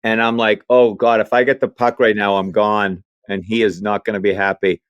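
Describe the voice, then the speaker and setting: Animated man telling comic stories. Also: fairly low pitch, moderate pace, no echo, lo-fi sound. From Maine. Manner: animated storyteller acting out quoted voices. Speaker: comedian guest. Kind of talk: storytelling interview chat.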